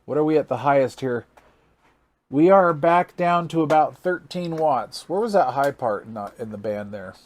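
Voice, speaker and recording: His voice sits a little high, with lively intonation and a moderate pace, as this radio hobbyist host walks through a casual hands-on gear demo. Folksy and amazed, he thinks out loud while reading meters and counts into the mic during test calls.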